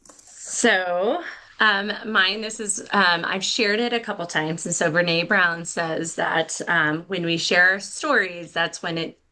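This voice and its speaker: A woman's voice: fairly low pitch, steady tone, slow pace, pushed and bright. A middle-aged woman telling a candid, self-deprecating story as a podcast guest, with many fillers and restarts. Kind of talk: casual storytelling.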